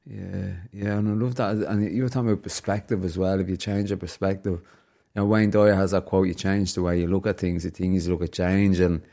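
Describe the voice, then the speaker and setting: A man's voice: low-pitched, level tone, a little fast, gravelly, mellow. A man hosting a casual podcast, reflective and fond of telling stories. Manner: storytelling, upbeat and reflective. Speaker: podcast host.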